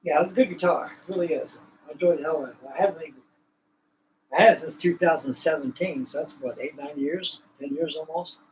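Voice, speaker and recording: In a rough recording with faint ambient noise, a livestream host chats casually, his slightly raised voice on the high side and his pace fast. His manner is folksy and colloquial, and his thoughts drift from one thing to another.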